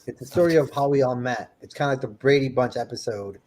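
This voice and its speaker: A man's voice: medium pitch, quick pace, darkish tone. A man hosting a stream, chatting casually and joking with his co-hosts. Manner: joking, laughing, trailing off. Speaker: stream host. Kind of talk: casual chat.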